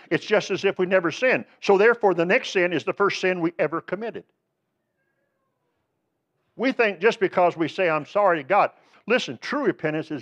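A man preaching a sermon in a fairly high voice, pressing his points with repeated phrases and direct calls to listen. The recording sounds dull and lo-fi, like a church tape. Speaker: pastor.

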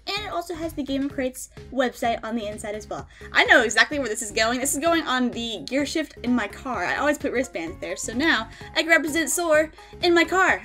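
Bubbly, high-pitched woman, giggly vlogger, casual unboxing chat, faint music underneath. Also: a bit bright. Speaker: gaming content creator.

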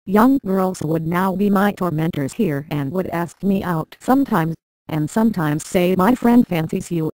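Low, dry synthetic female narrator voice. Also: a little slow, no room sound, low-quality recording. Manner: flat synthetic reading with odd word stresses. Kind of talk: text-to-speech narration of a memoir.

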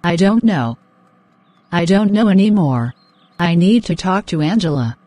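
Anxious young fiancée, voiced by a woman, cartoon drama, exasperated, sharp, slightly low voice. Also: animated, a little slow, dry recording. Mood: fretful. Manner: exasperated, sharp-tongued, fretful. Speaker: voice actor in animated drama.

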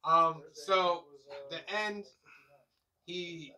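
A man's voice: a little high, very slow, bright, forceful tone. A man on a film review panel, chatting in an easygoing, agreeable way. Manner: easygoing, agreeable, often chimes in with short assents. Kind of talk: casual chat reviewing a film.

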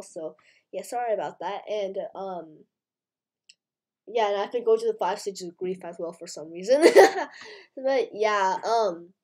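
Hoarse young woman with a cold. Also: a little high, warm tone. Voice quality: scratchy. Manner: rambling and apologetic, full of ums and likes. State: hoarse from illness, coughing. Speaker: gaming channel host. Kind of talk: casual gameplay chat.

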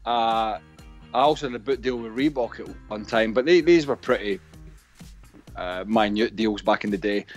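A middle-aged man, a former footballer, telling rambling anecdotes as a pundit with many hesitations. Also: medium pitch. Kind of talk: casual studio chat.

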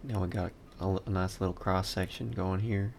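A man with a low, gravelly, slightly mellow voice teaches a casual 3D modeling class on a live stream, speaking at normal speed with fairly even intonation. He mutters to himself and drops dry asides while he works, over a faint hiss or hum.

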